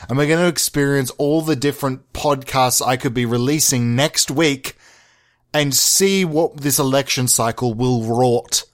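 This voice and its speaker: A man's voice: medium pitch, a little slow. A man hosting a comedy podcast, delivering rambling, profane, mock-outraged rants. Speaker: podcast host.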